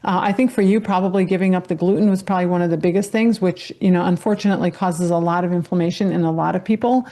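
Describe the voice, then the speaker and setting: A woman's voice: lowish voice, fairly even intonation, fast talker, few pauses, warm tone. Earnest woman health educator. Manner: earnest, encouraging explainer. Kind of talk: casual explanatory chat.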